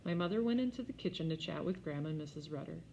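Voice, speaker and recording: A woman narrating a children's storybook in an expressive, wry manner, on a slightly dull recording. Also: low-pitched, fast talker, vocal fry, a little hiss or hum. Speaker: audiobook reader.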